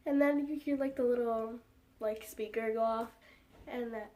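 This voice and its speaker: A young woman with a somewhat high voice tells a casual storytime to her followers, rambling with plenty of "like" and fillers. She sits a little back from the mic, so her voice sounds slightly distant. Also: darkish tone. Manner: rambling, heavy use of "like" and fillers. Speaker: vlogger.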